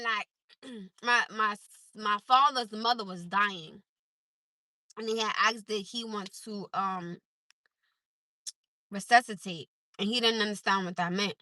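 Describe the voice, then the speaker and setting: A woman livestreams from her car in a casual chat, telling animated stories and laughing often. Her voice is high and very bright, and it swings widely in pitch. The sound is dry and close, as if picked up by a phone. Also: no room sound. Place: in a car at a drive-through.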